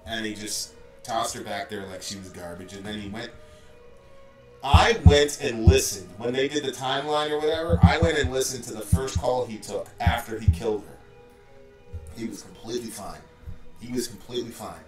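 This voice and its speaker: A man's voice: medium pitch, normal speed. A man telling a story in a casual, loose way, using "like" and "bro" constantly. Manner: loose, filler-heavy, says "like" and "bro" constantly. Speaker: former call center supervisor. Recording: roomy and distant from the mic, faint music.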